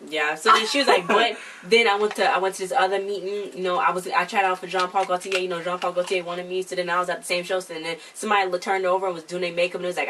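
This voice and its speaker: A woman's voice: on the low side, recorded from a distance, background noise. A woman co-hosting a casual recap of a reality TV episode, retelling scenes by quoting the cast. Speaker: co-host of a reality show recap channel.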